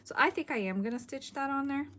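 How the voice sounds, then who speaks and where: A woman's voice: sits high, fast talker, sharp tone, a little hiss or hum. A middle-aged woman hosting a craft video, chatting casually and thinking aloud as she works. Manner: chatty, giggly, thinks aloud while working. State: a bit winded.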